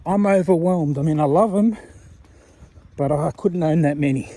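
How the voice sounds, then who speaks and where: This is a casual, wandering monologue from a viewer on foot, addressed to a channel owner he admires. His voice is a little high and dark in tone, at a normal speed.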